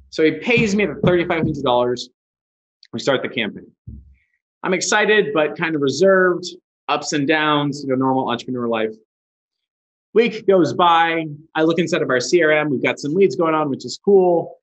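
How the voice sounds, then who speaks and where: A man being interviewed as a guest, telling a story with lively energy. He talks casually, swears freely and acts out the people in his story. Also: fairly high pitch, moderate pace. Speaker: guest, ad agency founder. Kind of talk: animated storytelling. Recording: dull lo-fi sound.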